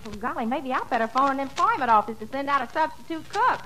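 A woman's voice: sits high, animated, quick pace, background noise. A woman playing a giggly, naive young country woman with a folksy manner, in 1940s radio comedy style. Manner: folksy, wide-eyed, giggly.

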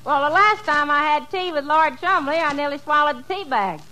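A giggly naive country gal. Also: female voice, sits high, lively intonation, brisk, heavy background noise. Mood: folksy. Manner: folksy, wide-eyed, giggly. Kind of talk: 1940s radio comedy acting.

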